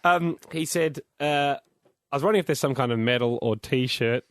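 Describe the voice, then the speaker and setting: A man's voice: medium pitch, dry recording, clean studio sound. A man co-hosting a casual comedy podcast, reading out a listener's email with lots of ums and restarts. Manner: halting, full of ums and restarts.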